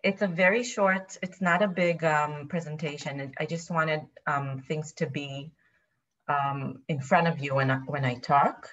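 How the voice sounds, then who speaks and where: A low-voiced woman gives an academic talk over a video call, a Hebrew speaker working in English. She sounds nervous and apologizes as she thinks aloud. The call audio is dull and lo-fi. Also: steady tone, unhurried. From Israel. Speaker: guest lecturer.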